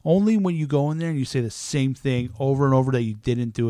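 A man's voice: medium pitch, fairly quick, hardly any pauses, dry recording. A young man telling a rowdy story in a casual chat, swearing freely and acting out what everyone said. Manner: profane, animated, acts out quotes.

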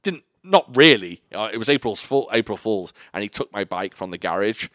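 Man, podcast co-host, casual rambling anecdotes, swooping lively intonation, dry close sound. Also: on the low side, fairly quick, no room sound. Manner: rambling, self-amused storytelling with restarts. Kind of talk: casual chat.

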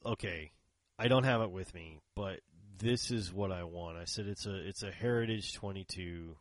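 A man with a fairly low voice tells a rambling story in casual chat, acting out each quoted line and breaking into laughter. The sound is dry and close, with no room around it. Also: moderate pace, dry recording.

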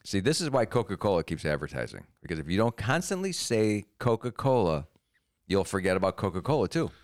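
A man's voice: deep voice, very animated, a little fast. A man co-hosting a comedy podcast, rambling through absurd schemes in casual chat. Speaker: podcast co-host.

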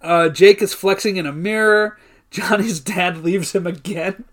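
A man co-hosting a podcast, recapping a movie in casual, profane chat, laughing often and acting out the characters' lines in loud voices. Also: high voice, unhurried, crowd noise. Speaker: podcast co-host.

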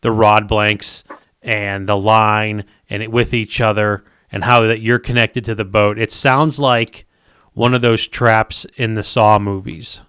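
A man's voice: fairly low pitch, level tone, a little slow, a bit bright, smooth, no echo, clean studio sound. A man co-hosting a casual chat, breaking in with jokes and questions. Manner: jokey, interjects with wisecracks.

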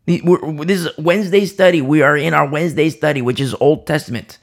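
Gravelly-voiced man preaching with emphasis. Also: a little high, a little fast. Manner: emphatic, repeats phrases for stress. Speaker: Bible teacher. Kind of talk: Bible study sermon.

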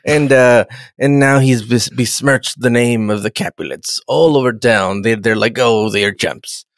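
A man's voice: mid-range voice, normal speed, dry recording, clean studio sound. A man recapping a TV episode in casual chat, rambling and swearing as he acts out the characters' voices.

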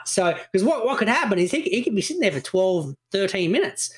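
A man co-hosting a podcast, excitable and swearing freely in casual banter. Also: high-pitched, quick pace, husky. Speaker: podcast co-host.

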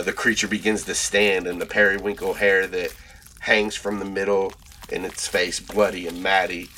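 A man runs a tabletop horror game, his voice very deep yet bright and forceful in tone. He narrates in halting, filler-laden sentences over a faint background hiss. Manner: halting, many fillers, describes slowly. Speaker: game master.

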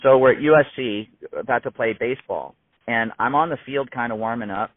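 Fast-talking man telling a story. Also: medium pitch, dry recording. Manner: animated, emphatic storyteller, occasional swearing. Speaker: musician guest. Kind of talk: storytelling in casual conversation. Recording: tinny phone-like dry sound.

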